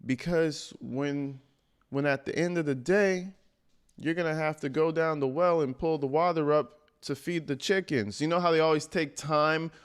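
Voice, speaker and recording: A man's voice: a little high, normal speed, clean tone. A man streaming live, reacting to a video with blunt, mocking and profane commentary.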